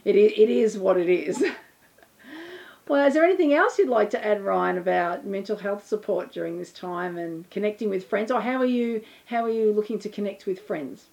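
A woman's voice: medium pitch, moderate pace, creaky, darkish tone. A woman hosting a podcast, chatting casually with her stepson and laughing at herself. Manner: chatty, self-deprecating, laughs easily. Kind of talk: casual interview chat.

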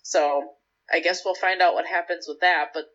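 A woman's voice: on the low side, fairly even intonation, normal speed, fairly bright tone. A young woman co-hosting a podcast, casually recapping a show with lots of filler words and acted-out lines. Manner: rambling, lots of "like" fillers, acts out characters' lines. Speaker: podcast co-host. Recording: slightly dull lo-fi audio.

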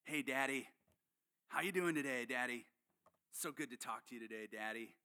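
A man's voice: medium pitch, moderate pace, pushed and bright, clean tone, lightly acted. A man voicing a laid-back young male surfer student with a California surfer accent, praying in an easygoing, overly casual way. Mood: breezy.

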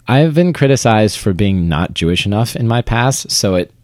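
A young man from Vermont with a very low voice talks about his life in an interview. He is chatty and self-deprecating and often restarts his sentences. The recording is dry and close, with little room sound. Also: animated, normal speed, a little mellow, no echo. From Vermont, United States. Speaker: interviewee, theater actor. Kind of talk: conversational interview.

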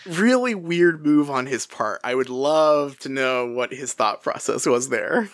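An animated podcast co-host who swings up and down in pitch while chatting about a book. The speech is full of laughs, fillers and restarts, recorded dry and close with no room sound. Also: a little slow, no echo. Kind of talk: casual book discussion.

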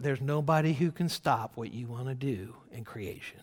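Animated preacher man in a reverberant hall. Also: mid-range voice, normal speed, breathy edge. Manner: animated, rising loud when quoting scripture, conversational asides. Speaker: pastor. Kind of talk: sermon.

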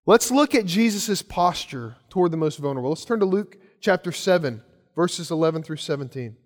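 Man, pastor, earnest sermon, high-pitched voice, repeats and restarts phrases, long hall reverb. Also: expressive, brisk.

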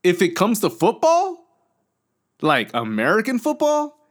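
A man's voice: high voice, wildly swooping pitch, unhurried. A man, co-hosting a casual podcast chat and telling a long story full of fillers and restarts, acting out what people said. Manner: rambling storyteller, acts out quotes, many fillers and restarts.

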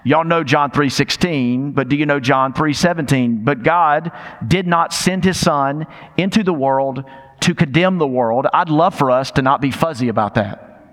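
An older man delivers a sermon in an emphatic, conversational way, firing rhetorical questions and repeating his key lines. His voice sits a little high for a man. The sound carries the long reverb of a large hall. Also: moderate pace, fairly bright tone. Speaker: pastor.

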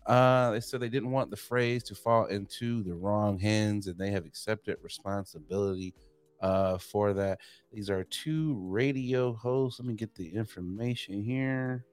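A young adult man co-hosting a casual podcast, telling profane, animated stories and acting out what people said. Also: lowish voice, a little slow, clear, resonant tone, no echo, faint music behind. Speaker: podcast co-host. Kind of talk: casual chat.

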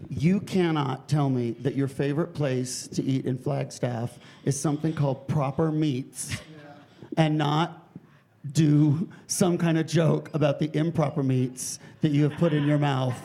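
A man judging at a live comedy show in a club, wry and measured, telling stories and giving notes. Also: on the high side, steady tone, creaky, dark tone, slight background noise.

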